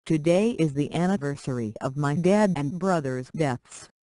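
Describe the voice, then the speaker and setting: A text-to-speech voice reading the lines of a guarded, grieving teenage girl in a dialogue story, in a flat, even delivery. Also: medium pitch, moderate pace, no room sound, close to an everyday voice. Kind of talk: dialogue story read aloud.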